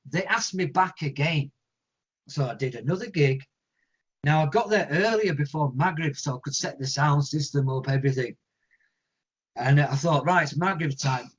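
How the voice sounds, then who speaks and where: A man with an English accent, a guest musician telling stories in an interview, animated and acting out other people's voices. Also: on the high side, husky. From England. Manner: animated storyteller, acts out quoted voices. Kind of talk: storytelling interview answers. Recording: lo-fi muffled audio.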